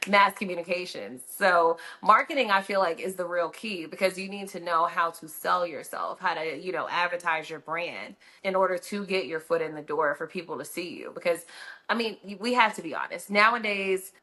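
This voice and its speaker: A woman's voice: on the low side, moderate pace, pushed and bright. Frank woman radio host giving advice. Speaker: radio host, interview guest. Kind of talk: casual podcast interview.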